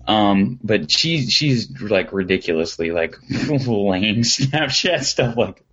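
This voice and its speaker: A man's voice: mid-range voice, very animated, moderate pace, a bit bright, muffled recording, slight background noise. A man chatting casually as a podcast co-host, rambling through a story with lots of fillers and restarts. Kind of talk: casual chat.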